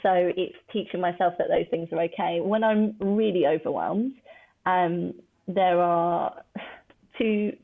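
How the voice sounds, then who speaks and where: A woman's voice: fairly low pitch, gravelly. A woman working as a veterinary nurse, chatting casually in an interview and laughing often. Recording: tinny phone-like line.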